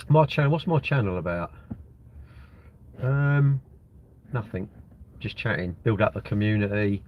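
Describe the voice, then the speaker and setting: Chatty older man, low voice. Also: narrow, tinny audio, slight background noise. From Britain. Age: 60s. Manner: rambling, chatty, reads comments aloud and answers them. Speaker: livestream host. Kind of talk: casual live-stream chat reading viewer comments. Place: inside a parked car. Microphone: phone propped at the windscreen.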